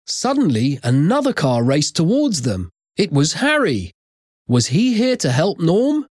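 A narrator reading a chapter of a children's story aloud, with expressive storytelling. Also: medium pitch, measured pace, dry recording, studio quality. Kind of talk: audiobook reading.

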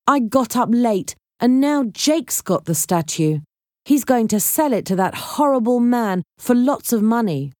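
Eager young man in a storybook, raised pitch, woman narrator doing the voice. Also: animated, measured pace, mellow, dry recording, studio quality.

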